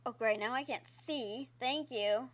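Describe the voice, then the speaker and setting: A woman streamer with a slightly high, slightly bright voice talks a little slowly into her own microphone. She chats casually with her viewers about the game she's playing, exclaiming at what happens on screen.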